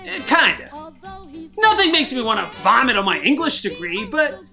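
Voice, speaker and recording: Brief: woman host reading a game review script, wry and jokey, crisp bright tone, lively intonation. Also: on the high side, fairly quick, soft background music.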